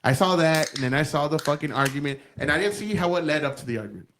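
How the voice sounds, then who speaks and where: A man talks at a brisk, hurried clip in a somewhat high voice, hosting a casual podcast. He rambles and swears freely, jumping from story to story. His tone stays loose and chatty. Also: slight background noise. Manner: profane, rambling, animated storytelling. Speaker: podcast host. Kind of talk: casual political chat.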